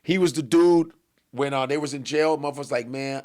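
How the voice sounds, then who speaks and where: A man's voice: a little high, a little fast, a little mellow. A middle-aged man, a guest comedian, telling profane stories on a podcast and jumping into the voices of the people in them. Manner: profane, vivid, jumps into voices of people in his story. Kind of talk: animated storytelling on a podcast.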